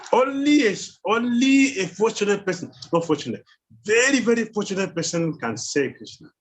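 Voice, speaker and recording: A man's voice: sits high, expressive, normal speed, poor audio. A man teaching a scripture class who keeps quizzing his listeners with questions and chuckles as he goes. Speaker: spiritual teacher.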